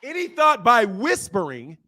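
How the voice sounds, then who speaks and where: A man hosting a boxing channel, talking casually to his camera in animated, slangy commentary with frequent laughter. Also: very high-pitched, a little slow. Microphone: camera mic.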